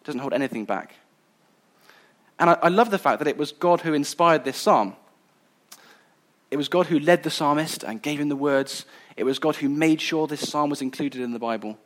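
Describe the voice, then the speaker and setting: A man's voice: a little high, moderate pace. Earnest male preacher. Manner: earnest, conversational, some restarts. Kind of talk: sermon.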